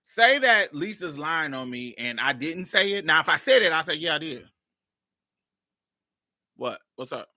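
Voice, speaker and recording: A woman podcast host telling a personal story in a blunt, profane, animated way. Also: low-pitched, normal speed, hardly any pauses, no room sound, clean studio sound. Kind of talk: casual storytelling.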